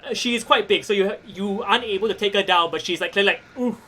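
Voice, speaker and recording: A man running a tabletop wrestling game as game master, animated, laughing and swearing casually. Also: high-pitched, quick pace.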